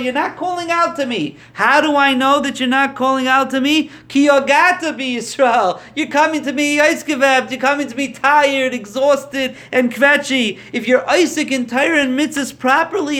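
Lively high-voiced man giving a Torah class. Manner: lively storytelling, acts out quotes. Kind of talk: Torah lecture.

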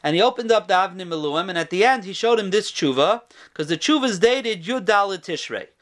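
High-voiced man giving a Torah lecture. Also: lively intonation, a little fast, fairly bright tone. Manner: storytelling, with frequent restarts and Hebrew terms.

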